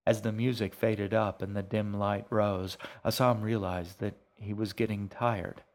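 Slow, low-voiced male audiobook narrator. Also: flat delivery. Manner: measured, hushed storytelling. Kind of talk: scripted narration.

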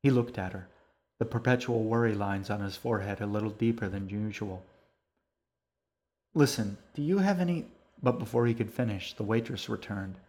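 Male storyteller, lowish voice, steady, calm narration. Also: brisk. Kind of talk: audiobook narration.

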